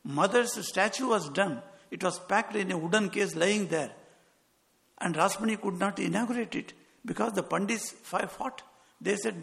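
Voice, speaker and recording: A man's voice: high-pitched, normal speed, creaky, a bit bright. A man, a monk giving a sermon with earnest storytelling and quoted dialogue. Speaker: monk giving a spiritual talk. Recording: long hall reverb.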